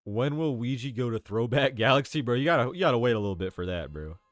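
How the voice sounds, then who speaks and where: Animated young man streaming, swearing casually. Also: mid-range voice, fast, dry recording, clean studio sound. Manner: chatty and profane, says "bro" constantly, often laughs. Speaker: live streamer playing a video game. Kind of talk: casual gaming commentary. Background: faint game music.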